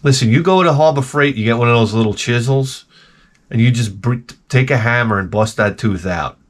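A retro game channel host with a New York accent speaks briskly at medium pitch. He rants in an exasperated, sarcastic, comic way, swearing heavily.

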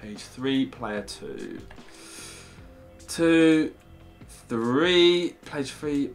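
A man's voice: medium pitch, expressive, extremely slow, vocal fry, faint music behind. A young man hosting a gaming video, chatty and upbeat, often calling his co-host "mate". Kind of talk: casual gaming video commentary.

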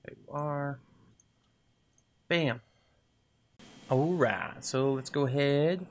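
Man, unhurried game commentary, gravelly voice, mutters and cheers, mouse clicks behind. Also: mid-range voice. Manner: talks to himself and the game items, muttering and cheering. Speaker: gaming video host. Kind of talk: casual let's-play commentary.

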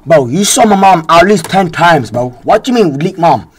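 Excitable man streaming games. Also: on the high side, moderate pace, slightly rough, poor audio. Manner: excitable, swears a lot, answers chat. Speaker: gaming streamer. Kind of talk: casual live-stream chatter. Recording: loud game music behind. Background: game music.

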